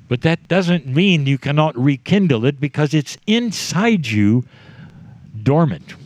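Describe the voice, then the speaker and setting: A man giving a spiritual talk to a group, slow and deliberate, letting his voice drop low at the ends of phrases. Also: darkish tone, no room sound. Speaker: spiritual speaker.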